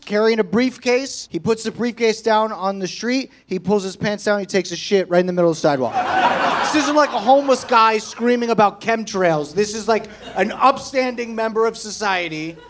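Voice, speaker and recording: Brash, profane stand-up comic in his thirties, high-pitched, pushy delivery. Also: moderate pace. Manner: brash, profane, keeps tagging lines with "okay?". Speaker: stand-up comedian. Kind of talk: stand-up set. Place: comedy club stage before a laughing audience.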